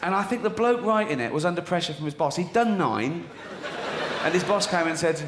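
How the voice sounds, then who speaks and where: A man's voice: a little high, lively intonation, fairly quick. A man performing a stand-up routine to a live audience, incredulous and mocking, with plenty of swearing. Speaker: stand-up comedian. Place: theatre stage, live audience. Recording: echoey venue with crowd noise.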